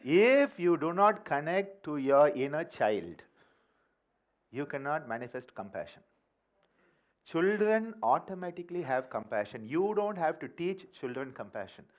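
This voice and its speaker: Playful high-voiced Indian man teaching. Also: unhurried, muffled recording. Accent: Indian English. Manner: animated, playful, asks the room "huh?" often. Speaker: yoga teacher leading a workshop. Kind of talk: lively workshop talk to a group. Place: workshop hall.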